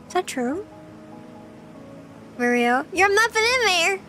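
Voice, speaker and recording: A woman's voice: very high-pitched, very animated, slow pace, bright, forceful tone, faint music behind. A young woman streaming casual chat, playful and chatty, often giggling as she reads her chat. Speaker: VTuber streamer.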